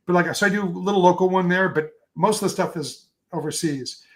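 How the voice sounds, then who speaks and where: In a casual interview chat, a man appears as a photographer guest and tells long, enthusiastic stories full of fillers and restarts. His voice sits high and moves fairly quickly.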